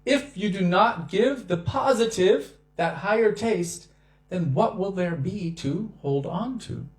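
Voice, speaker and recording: A man giving a devotional talk on scripture, telling stories with lively acted-out quotes. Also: high-pitched, slow, roomy sound. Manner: animated storyteller who acts out quotes. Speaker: devotional speaker.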